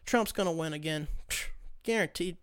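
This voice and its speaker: A man's voice: on the high side, normal speed, a bit bright, smooth. A young man hosting his own podcast, talking loosely and sarcastically, with plenty of swearing. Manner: loose, profane, sarcastic ranting. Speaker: podcast host. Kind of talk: casual solo podcast chat.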